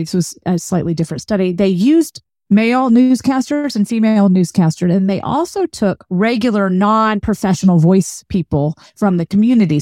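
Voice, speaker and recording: A woman linguist explains research in an even, mid-range voice. She speaks in an academic, explanatory way, recorded close and dry. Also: medium pitch, no room sound. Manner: explanatory, academic, demonstrates voice qualities. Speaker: linguist and author, guest. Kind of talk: podcast interview.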